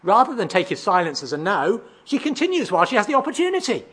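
A preacher delivering a sermon, explaining scripture verse by verse, asking rhetorical questions and sometimes pausing on fillers. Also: mid-range voice, huge pitch swings, fairly bright tone, husky. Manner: expository, asks rhetorical questions, reads out verses; occasional hesitant fillers and restarts.

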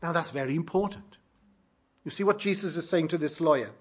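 A male pastor delivering a Sunday sermon in a slightly raised, husky voice. He builds emphasis around quoted questions and asks them back to his listeners. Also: on the high side, a little fast.

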